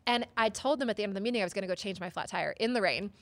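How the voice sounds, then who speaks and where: Woman, psychotherapist guest; animated storyteller, mid-pitched, dry close mic. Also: racing, no room sound. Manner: expressive, acts out quoted voices, many "like" and "right?". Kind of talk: storytelling in an interview.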